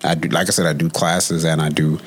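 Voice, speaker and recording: Guy on a podcast as a guest, really low voice, laid back, a few ums here and there. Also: flat delivery, brisk, husky. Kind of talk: casual chat.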